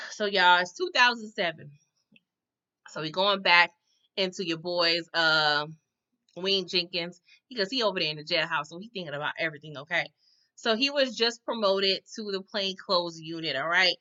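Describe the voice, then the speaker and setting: A woman's voice: lowish voice, normal speed, sharp tone, dull audio. A woman giving a casual, chatty recap of a TV episode. She acts out the characters' lines and keeps tagging her sentences with "okay?". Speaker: TV recap host.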